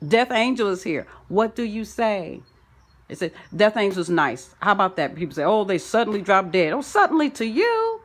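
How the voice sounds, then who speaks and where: A woman delivering a rambling spiritual monologue, full of wordplay and sing-song turns, swinging from loud declarations to soft asides. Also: medium pitch, moderate pace. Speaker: spiritual self-help vlogger. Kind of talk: rambling spoken-word monologue.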